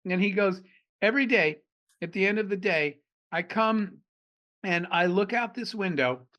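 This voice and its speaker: A middle-aged man from Arizona, an entrepreneur guest on a podcast, telling animated stories and acting out the dialogue. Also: high voice, moderate pace, muffled recording. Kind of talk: storytelling in a podcast interview.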